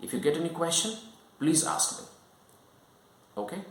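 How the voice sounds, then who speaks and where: A man's voice: fairly high pitch, huge pitch swings, normal speed, vocal fry. A man giving an online English lesson, explaining step by step and often checking in with "right?" and "okay?". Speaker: English teacher. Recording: roomy echo.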